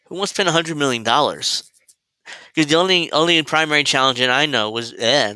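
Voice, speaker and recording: A male host riffs through a political commentary livestream, sarcastic and rambling, with plenty of fillers and restarts. His voice is bright and crisp. The sound is dry and close. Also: mid-range voice, no echo, low-quality recording.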